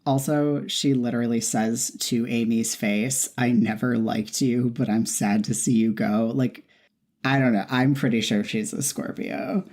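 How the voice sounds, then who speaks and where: A woman with a very deep voice talks casually as a podcast co-host. She speaks plainly and matter-of-factly, often dropping in short agreeing replies. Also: steady tone, unhurried, darkish tone. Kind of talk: casual chat.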